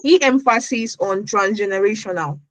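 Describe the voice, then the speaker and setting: A woman's voice: mid-range voice, moderate pace, dry recording, rough recording. A woman from Nigeria answering interview questions as a podcast guest, earnest, often repeating words as she searches for her phrasing.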